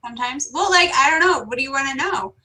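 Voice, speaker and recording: A woman's voice: sits high, animated, quick pace, pushed and bright, rough recording. A woman playing in a tabletop game, introducing her character shyly and unsure. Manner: shy, unsure. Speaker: player. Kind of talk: casual tabletop game chat.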